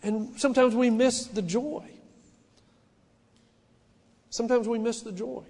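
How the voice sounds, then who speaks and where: A man's voice: extremely high pitch, steady tone, unhurried, warm tone, in a large hall. A middle-aged man, a pastor, preaching a sermon in an earnest, personal way, often restarting his sentences and rising in emphasis.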